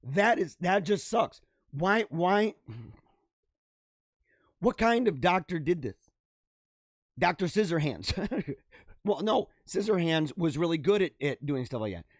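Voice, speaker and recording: A man's voice: on the high side, animated, takes it slowly, pauses often, no room sound, studio quality. A man hosting a show, casually reading out odd news stories and riffing on them with lots of laughter, speaking straight to his viewers. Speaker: podcast host.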